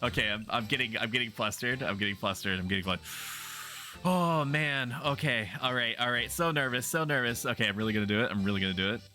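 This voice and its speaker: A man's voice: mid-range voice, quick pace, pushed and bright, soft background music. A man streaming a game, chatting playfully and bawdily with his viewers in a teasing, casual way. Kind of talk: casual gaming commentary.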